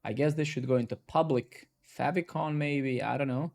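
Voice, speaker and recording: A man's voice: medium pitch, normal speed, creaky. A man casually talking to himself and his viewers while coding live, swearing and bursting out when things work. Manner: talks to himself, swears, excitable outbursts.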